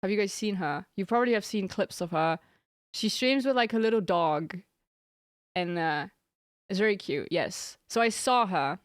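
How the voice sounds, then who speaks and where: A woman's voice: medium pitch, lively intonation, normal speed, no echo. Giggly young woman streamer, dry sound. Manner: giggly, rambling storytelling. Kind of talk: casual chat with stream viewers.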